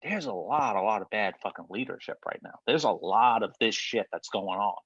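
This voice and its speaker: Man, podcast host, low voice, blunt and swearing, dry muffled sound. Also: animated, a little fast, a bit bright, husky, no room sound. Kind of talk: casual podcast chat.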